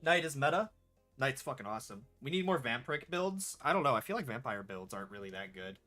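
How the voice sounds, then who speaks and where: A man's voice: mid-range voice, very animated, fast, bright, forceful tone, faint music behind. A young man casually commenting on his gameplay, laid-back and rambling, swearing now and then. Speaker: gaming streamer.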